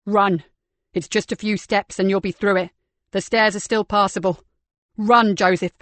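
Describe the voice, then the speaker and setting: A woman narrator voicing an urgent man shouting commands in an audiobook. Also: mid-range voice, fairly even intonation, moderate pace, no room sound, natural voice. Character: urgent male helper in a burning house.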